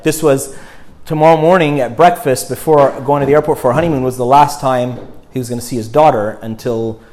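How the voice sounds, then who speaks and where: A man telling a story in a sermon, animated, swinging between loud and hushed. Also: medium pitch.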